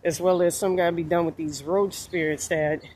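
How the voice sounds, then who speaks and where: A woman's voice: on the low side, steady tone, moderate pace, darkish tone. Rambling New woman vlogging. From New Orleans, USA. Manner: rambling, meandering, frequent fillers. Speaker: spiritual vlogger. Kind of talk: casual monologue.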